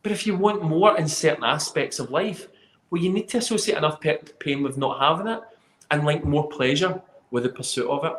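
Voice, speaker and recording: A man with a fairly high voice talks emphatically in a casual chat and swears freely. His voice rings in an echoey room. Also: fairly quick.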